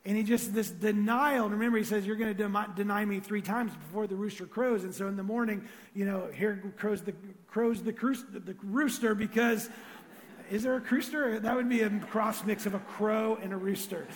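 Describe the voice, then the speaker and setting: A pastor preaches loosely and conversationally at a moderate pace, shifting between animated moments and soft, intimate ones. His voice sits high for a man and carries a long reverb from a large hall.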